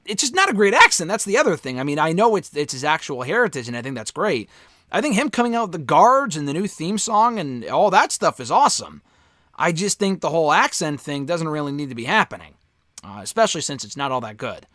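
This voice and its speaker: A man's voice: on the high side, very animated, brisk, sharp tone, dry recording, studio quality. A man giving a casual spoken review of a wrestling show, candid and offhand, swearing freely.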